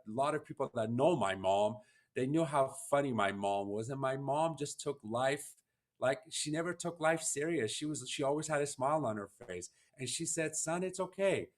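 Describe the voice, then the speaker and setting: A man's voice: mid-range voice, animated, moderate pace. Earnest man telling a personal story. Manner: earnest, emotional, heartfelt. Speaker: podcast host.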